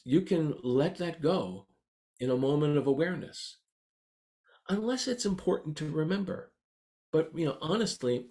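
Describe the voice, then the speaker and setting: A man in a middle register gives a meditation talk. He speaks gently and conversationally, unhurried. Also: mid-range voice. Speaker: meditation teacher. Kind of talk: dharma talk.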